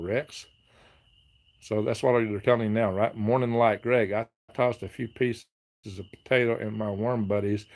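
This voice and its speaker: A man's voice: mid-range voice, darkish tone. A man hosting a casual live stream, reading viewer comments aloud, chatting and laughing often. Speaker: livestream host reading chat.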